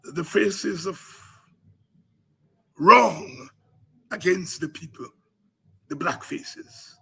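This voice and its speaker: A man hosting a political podcast, delivering impassioned commentary with rhythmic repetition that builds to shouts. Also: sits high, drawn-out words, creaky, husky.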